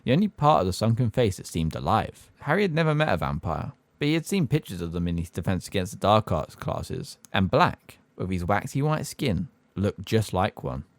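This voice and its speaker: A man narrating a fan audiobook in a steady storytelling delivery. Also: on the low side, normal speed, hardly any pauses, dry recording.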